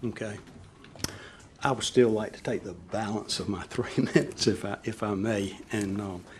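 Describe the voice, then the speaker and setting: A man with a scratchy, fairly low voice speaks into a podium microphone in a county meeting chamber. He reads prepared remarks in a measured way, pausing to clear his throat. Faint room hiss sits under him. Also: darkish tone. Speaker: resident addressing county board. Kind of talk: public comment at a meeting.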